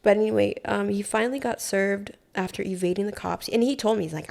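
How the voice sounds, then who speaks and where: A young woman from Hawaii, a podcast guest, telling a story in casual, profane, animated talk full of "like". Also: medium pitch, fairly quick, creaky, hardly any pauses. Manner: profane, animated, heavy use of "like".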